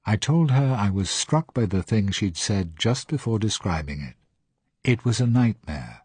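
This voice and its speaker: Deep, husky male narrator. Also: no echo. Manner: calm, measured, reflective. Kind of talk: scripted audiobook narration.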